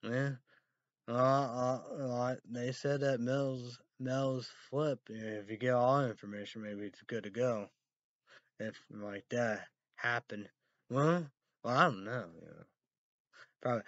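A man rambling profanely on a stream, swinging from low mumbles to loud outbursts. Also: unhurried, no echo, muffled recording. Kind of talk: rambling live stream talk.

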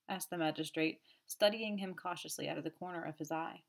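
A woman reading a novel aloud in measured storytelling narration. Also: sits low, vocal fry. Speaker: audiobook reader.

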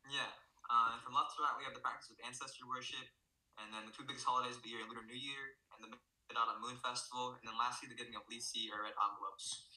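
Male student presenter, bright voice, casual and loose, in an echoey room. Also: medium pitch, fast. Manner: relaxed, filler-heavy, often says "right?" and "so yeah". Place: indoor room, virtual showcase recording. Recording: roomy echo.

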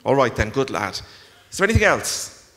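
Man voicing stern elderly priest, indignant; lively intonation, long reverb. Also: medium pitch, brisk. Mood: scolding. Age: older than 60. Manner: scolding, exasperated, indignant. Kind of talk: live reading aloud. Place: large concert hall. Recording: long concert hall reverb.

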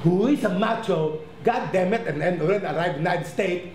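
A man's voice: sits high, brisk, darkish tone. A man in his sixties from the Philippines, telling his life story candidly and with profanity, often stammering over restarts. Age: 60s. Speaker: documentary subject. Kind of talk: personal storytelling. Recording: echoey room with background noise.

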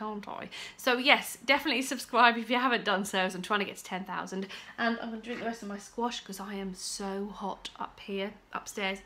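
A woman's voice: medium pitch, pushed and bright. A young woman chatting casually and enthusiastically in a home vlog, rambling a little as she shows her finds. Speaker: vlogger. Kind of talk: casual chat. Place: upstairs room at home.

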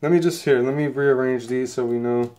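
An excitable man chats to his viewers in a loose, rambling unboxing vlog, his voice sitting at an ordinary middle pitch. He sounds a bit sniffly, as if a cold is coming on. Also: fairly quick. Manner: excitable, rambling, chatty, talks straight to viewers. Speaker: channel host opening trading cards.

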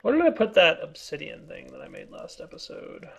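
Excitable teasing guy, kinda high voice, super creaky and raspy. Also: fairly quick. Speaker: co-host of a game video series. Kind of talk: casual gameplay chat.

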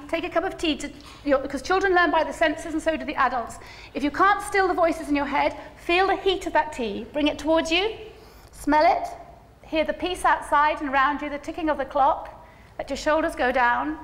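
A woman giving a conference keynote, animated and humorous, coaxing the audience to join in. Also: high voice. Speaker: keynote speaker. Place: large conference hall. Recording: echoey hall, faint ambience.

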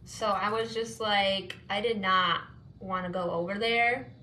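A woman's voice: medium pitch, fairly even intonation, a little slow, bright, forceful tone, a little hiss or hum. A young woman vlogging while doing her makeup, telling a long story in a chatty, rambling way, saying "like" constantly and acting out her side of the conversations. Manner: calls herself non-confrontational, rambling and exasperated.

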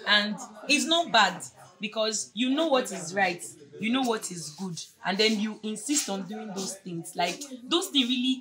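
A woman's voice: mid-range voice, expressive, measured pace. A young woman with a Nigerian accent giving an earnest, rambling farewell tribute at a fellowship gathering, laughing between phrases. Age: young adult. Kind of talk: heartfelt tribute speech. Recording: noisy crowd around speaker.

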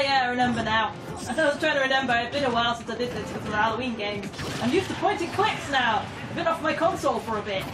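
A woman giving excitable, giggly let's-play commentary, often shouting at the game. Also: a little high. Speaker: gamer. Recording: echoey room, distant mic, game music.

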